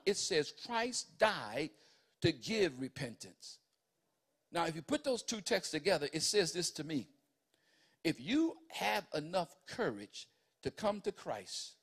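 High-voiced preacher delivering a sermon. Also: male voice, breathy edge. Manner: rises from quiet teaching to loud fervent preaching, asks the congregation questions.

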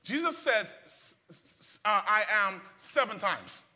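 A man's voice: high voice, big pitch swings, slow pace, bright, forceful tone. A man preaching a sermon to a congregation, repeating phrases and restarting lines, and leading call-and-response. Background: congregation answering.

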